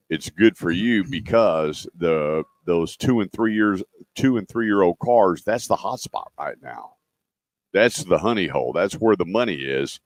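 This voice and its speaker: On a live car radio show broadcast remotely from a dealership, the middle-aged host, whose voice sits low, rambles through folksy tales with plenty of fillers and plugs for the dealer. There's no room sound.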